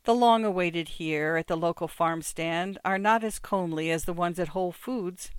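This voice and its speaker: Smooth, measured short-story narrator. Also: mid-range voice, dry recording. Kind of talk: scripted narration of short stories.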